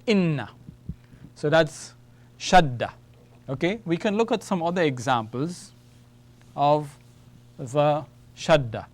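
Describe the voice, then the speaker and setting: Male language teacher, slow and deliberate, repeats words, checks in with "okay?" and "all right?". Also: mid-range voice. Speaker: Arabic teacher. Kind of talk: classroom lesson at a whiteboard.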